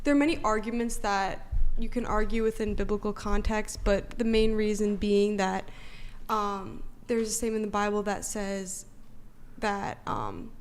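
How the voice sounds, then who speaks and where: A woman's voice: mid-range voice, moderate pace. A woman guest on a podcast panel, answering hesitantly, with lots of fillers and hedging. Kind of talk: casual debate answers.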